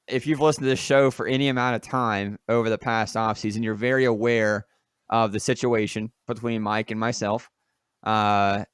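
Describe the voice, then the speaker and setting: A man with a smooth, resonant voice runs a casual fantasy football chat. He sounds relaxed and laughs easily between jabs at his rivals. The sound is dry and close. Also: medium pitch, no room sound. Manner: laid-back, laughs easily, trash talk. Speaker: podcast host. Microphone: headphones and studio mic.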